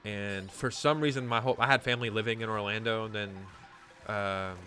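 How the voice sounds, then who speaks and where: A man's voice: lowish voice, steady tone, brisk, sharp tone, faint music behind. A gaming YouTuber, a man, telling a story in casual, rambling chat, swearing often and saying "like" a lot. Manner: rambling, profane, lots of "like".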